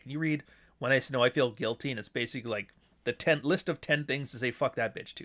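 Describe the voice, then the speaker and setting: A man's voice: medium pitch, fairly even intonation, fast, fairly bright tone. A man hosting a podcast alone, rambling casually and swearing, with mocking asides. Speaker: podcast host. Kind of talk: casual solo monologue.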